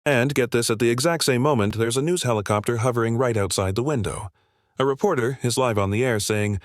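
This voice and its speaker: A man's voice: medium pitch, a little fast, no echo, studio quality. A man narrating a scripted story recap in a breathless, gossipy style full of slang.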